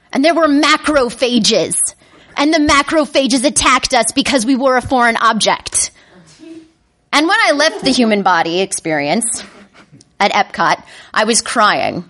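Animated woman telling a comic story. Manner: animated, self-mocking, comic; acts out her inner voices with sudden high-pitched panic. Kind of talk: personal storytelling to an audience.

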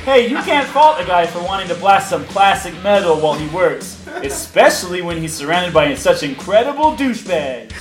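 A man's voice: sits high, very animated, moderate pace, few pauses, echoey room, music in the background. A young man narrating his own story in a comic audio drama, sardonic and crude, often chuckling. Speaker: narrator and lead actor.

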